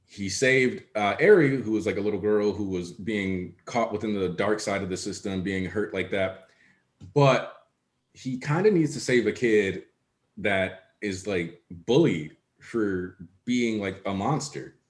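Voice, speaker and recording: A man's voice: fairly low pitch, unhurried. A man co-hosting a casual discussion, explaining his points at length in an analytical way. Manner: analytical, talks in long explanations. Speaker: co-host. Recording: echoey room.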